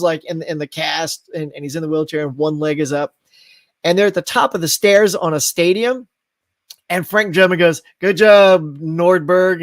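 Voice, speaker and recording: Male host, casual live-chat delivery, rambling and animated, slightly high voice, dry close mic. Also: no room sound. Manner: rambling and animated, laughs at his own tangents. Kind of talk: casual live-stream chat reading viewer comments.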